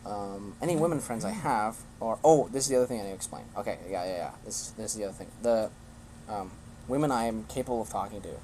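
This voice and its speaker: A man's voice: fairly low pitch, fast, dark tone. Young male streamer, blunt, swearing rant, faint hiss behind. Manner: blunt, swears often, restarts sentences. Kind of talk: casual rant to a live stream.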